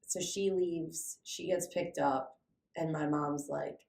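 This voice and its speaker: Gravelly-voiced woman telling a story. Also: low voice, slow pace, roomy sound. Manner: animated, heavy use of "like", swearing. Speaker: podcast co-host. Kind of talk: casual storytelling chat.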